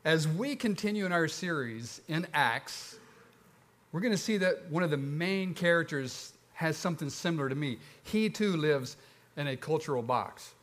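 A man with a slightly high voice, a pastor with a Southern accent, preaches at a normal speed. He narrates the sermon's story in a relaxed, chatty way with lively variation.

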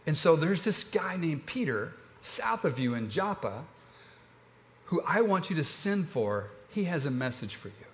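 A man with a Southern accent voicing an angel who delivers a calm, earnest message. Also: a little high, measured pace. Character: solemn male angel messenger.

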